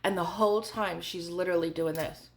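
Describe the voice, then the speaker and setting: A woman's voice: on the low side, fairly even intonation, fairly quick. A woman in her forties telling a candid storytime vlog in a chatty way, full of fillers. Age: 40s. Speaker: vlogger.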